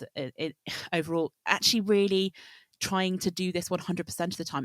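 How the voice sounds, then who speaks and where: A woman's voice: low voice, no echo. A woman hosting a conversational podcast, talking thoughtfully and building long reflective points. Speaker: podcast host. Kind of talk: casual conversational interview.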